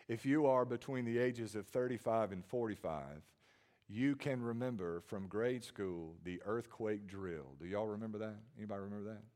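A man, preaching a sermon with dynamic swings from hushed tones to loud emphasis and frequent repeated words. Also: on the low side, normal speed. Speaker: pastor.

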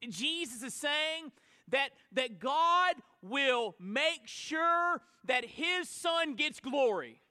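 A high, bright-voiced male pastor preaching in a large church with a long, ringing reverb. He drops to quiet asides and then rises to shouted emphasis. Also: sing-song, slow. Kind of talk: sermon.

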